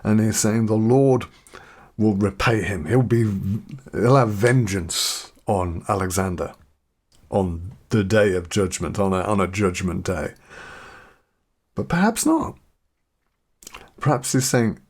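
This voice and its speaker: A man hosting a podcast, reading Bible verses slowly and then reflecting on them in his own words. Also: fairly low pitch, expressive, darkish tone. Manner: reads scripture aloud slowly, then muses and paraphrases. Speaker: podcast host and Bible teacher.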